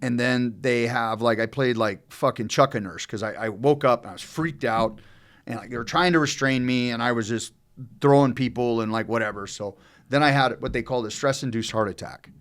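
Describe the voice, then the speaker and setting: A man's voice: medium pitch, a little fast. A middle-aged man casually telling a long, rambling story on a podcast, swearing often and talking loosely. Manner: rambling, profane, loose and animated.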